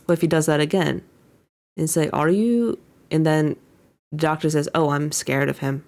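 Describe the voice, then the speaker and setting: A woman's voice: sits low, fairly even intonation, moderate pace, a little mellow. A young woman VTuber casually recapping an anime episode, paraphrasing the characters' lines with frequent fillers. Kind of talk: casual commentary.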